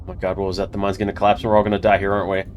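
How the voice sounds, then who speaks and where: A man's voice: low-pitched, monotone, racing, darkish tone, lightly acted. A man voicing an anxious young woman who keeps expecting disaster. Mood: panicky. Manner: panicky, catastrophizing.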